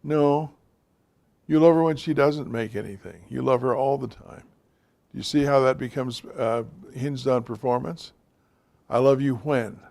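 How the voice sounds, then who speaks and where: A man's voice: medium pitch, unhurried, creaky, darkish tone. A man giving an informal, direct talk to a class of men, speaking to them plainly as guys and fellas. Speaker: teacher of a men's class.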